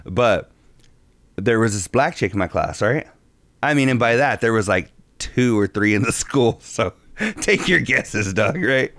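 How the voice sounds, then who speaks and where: A man in his thirties co-hosting a podcast, telling a crude story in excitable, profane casual chat. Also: on the low side, a little slow, dry recording. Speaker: podcast co-host.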